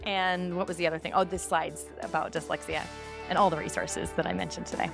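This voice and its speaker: A woman's voice: fairly low pitch, big pitch swings, brisk, creaky, music in the background. A woman giving a talk to an audience in a friendly, informal way. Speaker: convention speaker.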